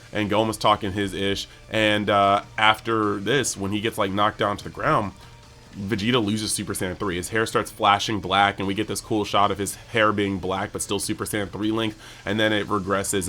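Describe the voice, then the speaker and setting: A man hosting a casual anime episode breakdown, talking excitably and peppering his speech with "like". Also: fairly low pitch. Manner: excitable, heavy use of "like". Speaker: anime channel host.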